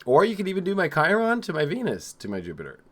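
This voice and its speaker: A man hosting a live astrology show, talking in a rambling, excitable and profane way, swinging from loud outbursts to low mutters. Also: quick pace. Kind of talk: live-streamed casual astrology talk.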